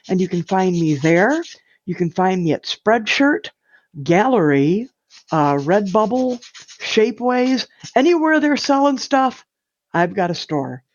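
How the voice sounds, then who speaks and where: A woman chatting as a podcast guest, her pitch swinging up and down as she jokes around. The sound is dry, with a slightly dull, lo-fi edge. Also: dry recording. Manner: playful, joking, lively. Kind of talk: casual chat.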